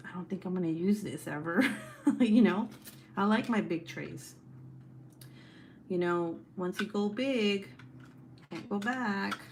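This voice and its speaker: Woman, young adult, livestream host, casual chat, swears a lot, laughs often, lowish voice, light background noise. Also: creaky. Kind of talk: casual live-stream chat reading comments. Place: home.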